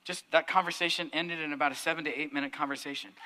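Bright, high-voiced male pastor preaching. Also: fast, in a large hall. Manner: animated, emphatic storytelling. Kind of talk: sermon storytelling.

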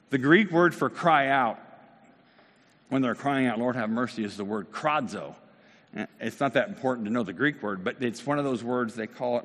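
A man's voice: mid-range voice, big-room sound. A man preaching a sermon in an earnest, conversational way, now and then rising into emphatic bursts. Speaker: pastor.

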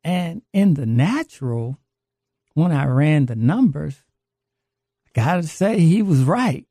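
A man's voice: fairly high pitch, very animated, takes it slowly, warm tone, no echo, clean studio sound. A man earnestly telling a personal faith testimony about his recovery. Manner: earnest, confessional storytelling. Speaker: guest sharing a recovery testimony.

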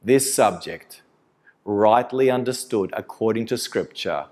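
A man preaching a sermon with emphasis, repeating key phrases, swinging from loud passionate peaks to quiet, soft endings. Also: lowish voice, measured pace.

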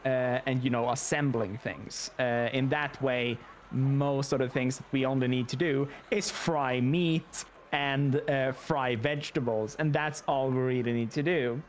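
Slow-talking man player. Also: medium pitch, steady tone, slight background noise. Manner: slow, drawn-out explaining. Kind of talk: tabletop game play.

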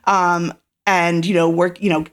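A woman's voice: on the low side, flat delivery, a little slow. A woman in her forties from Ireland with a faded Irish accent, talking as an interview guest, rambling and acting out quoted lines. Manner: rambling storyteller, frequent fillers, acts out quoted lines. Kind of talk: casual interview.

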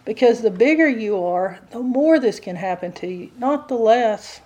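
Earnest woman preaching, mellow voice. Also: fairly high pitch, lively intonation, moderate pace. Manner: earnest, dramatic storytelling. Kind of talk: sermon.

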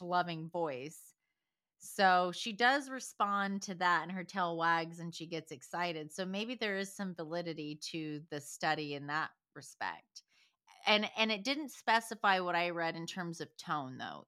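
A woman co-hosts a chatty podcast, her voice a touch low yet bright and smoothly clear. She drifts from thought to thought and laughs often. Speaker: podcast co-host. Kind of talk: casual chat.

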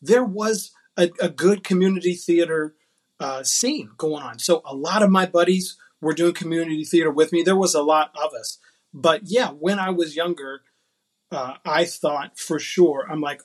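Chatty self-mocking man, bit high-pitched. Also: moderate pace. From West Virginia, US. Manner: chatty, self-mocking storyteller with frequent fillers. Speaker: podcast guest, actor. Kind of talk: casual interview chat.

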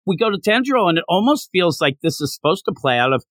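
Animated man in a dry close recording. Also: high-pitched, no echo. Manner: animated, acts out character lines in quick voices. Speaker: podcast co-host. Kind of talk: casual manga discussion.

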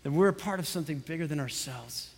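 A man's voice: fairly high pitch, quick pace, breathy edge, long reverb tail. A man preaching a sermon as pastor, telling a story and building to fervent emphasis.

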